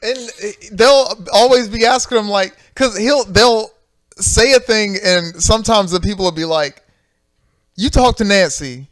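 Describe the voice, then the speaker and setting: A man with a Southern American accent co-hosting a comedy podcast, relaxed and joking, laughing a lot and acting out quotes. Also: high voice, measured pace, no room sound. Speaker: podcast co-host. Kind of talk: casual chat.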